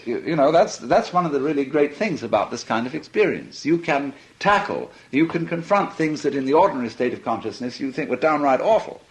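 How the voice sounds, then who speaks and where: A man's voice: on the high side, big pitch swings, fairly quick, few pauses. A man giving a reflective philosophy talk, musing and playful, often laughing as he speaks. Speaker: philosophy lecturer. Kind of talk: reflective archival lecture.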